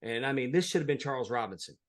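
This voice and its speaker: A man's voice: mid-range voice, expressive, fast talker. A man, a wrestling referee, telling a heartfelt story in a casual interview. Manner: earnest, heartfelt, plain-spoken.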